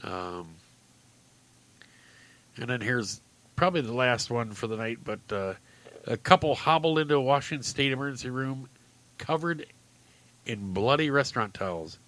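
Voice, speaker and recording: A man's voice: mid-range voice, lively intonation, moderate pace, pauses often, a bit bright. A man hosting a casual talk-radio show, reading odd stories aloud, chuckling often and rambling loosely.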